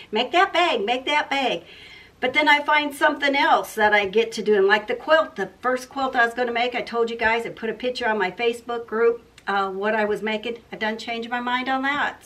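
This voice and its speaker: A woman's voice: on the high side, a bit bright. An older woman, hosting a casual sewing vlog and rambling from one thought to the next. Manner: rambling, chatty, loses her train of thought. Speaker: sewing channel host. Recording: voice a bit far from the mic.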